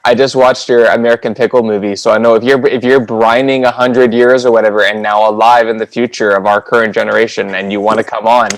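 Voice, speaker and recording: A man's voice: lowish voice, level tone, fast, few pauses, no echo, rough recording. Earnest, reflective man podcast co-host. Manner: earnest, reflective, playful teasing. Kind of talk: casual podcast chat.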